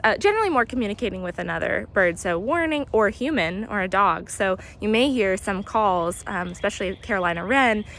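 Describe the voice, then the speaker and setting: A woman guiding an outdoor nature walk, explaining bird sounds in a relaxed way with many pauses and imitating the calls. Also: medium pitch. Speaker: naturalist guide. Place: outdoors near hedges and compost bins.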